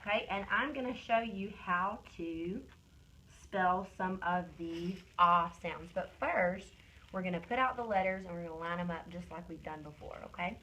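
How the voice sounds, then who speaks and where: A woman's voice: on the low side, bright, forceful tone, a little hiss or hum, poor audio. Patient woman teaching phonics. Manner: slow, drawn-out modeling of sounds and words; encouraging praise. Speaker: reading teacher. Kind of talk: one-on-one phonics lesson. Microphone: phone camera.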